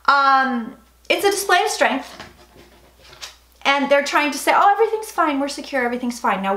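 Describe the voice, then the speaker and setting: Chatting frankly on her casual tarot livestream, this young psychic host has a high, slightly bright voice. She curses and reads out comments from viewers, in an echoey room with a little noise.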